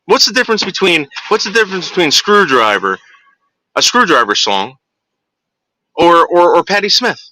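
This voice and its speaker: A man's voice: sits high, big pitch swings, normal speed, sharp tone, no echo. A man ranting heatedly to his viewers in a monologue, with profanity and frequent restarts. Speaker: vlogger.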